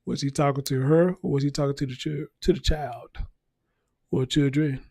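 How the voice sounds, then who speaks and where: A man's voice: mid-range voice, fairly even intonation, normal speed, dark tone, husky, no echo, clean studio sound. A man hosting a casual news commentary show, talking bluntly and profanely and repeating his points for emphasis. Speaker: show host.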